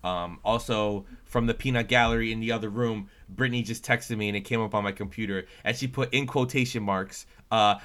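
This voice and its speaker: A man's voice: lowish voice, steady tone, fairly quick, few pauses, fairly bright tone. A man co-hosting a casual chat show, talkative and playfully teasing. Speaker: podcast co-host.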